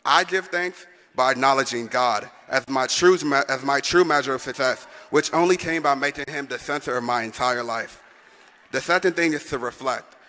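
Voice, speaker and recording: A man's voice: mid-range voice, moderate pace, pushed and bright. Young man giving a rousing commencement speech. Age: young adult. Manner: rousing, calls on the audience to respond. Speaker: senior class president. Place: large arena. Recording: long echo of a big arena.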